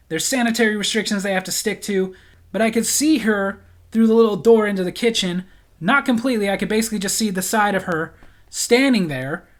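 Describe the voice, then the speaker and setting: Man, storytime vlogger, animated, calm to shouting. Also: high-pitched. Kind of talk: storytime vlog.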